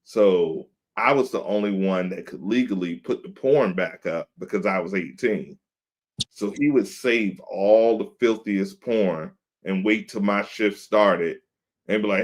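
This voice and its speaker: A man with a fairly low voice tells a story on a podcast. He is casual and animated, and he acts out the other people in the story with put-on voices. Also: unhurried. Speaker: podcast host.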